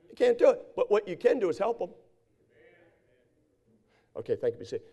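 A man preaching a sermon, repeating phrases in a steady cadence and acting out the people in his stories. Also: high-pitched, fairly quick. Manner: repetitive preaching cadence, acts out quoted voices. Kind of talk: sermon with storytelling.

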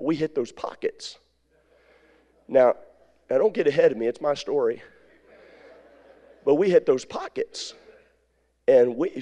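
A man's voice: mid-range voice, moderate pace, pauses often, warm tone. Folksy man preaching a story. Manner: folksy, rambling, with repetitions and asides. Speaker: evangelist. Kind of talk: storytelling sermon.

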